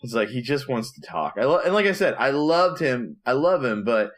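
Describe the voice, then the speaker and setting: A man co-hosts a casual podcast with plenty of animation. He tells stories and drops into low, mumbling voices whenever he quotes someone. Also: big pitch swings, normal speed. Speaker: podcast co-host, preacher. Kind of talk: casual chat, storytelling.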